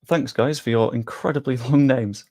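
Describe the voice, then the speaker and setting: A man's voice: mid-range voice, moderate pace, darkish tone, dry recording. A young man chats through a live stream in a loose, jokey way, often poking fun at himself. His voice sits in a middling register and is recorded close and dry, with no room sound. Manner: chatty, jokey, self-deprecating. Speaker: streamer hosting a sweepstake draw. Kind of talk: casual live-stream chat.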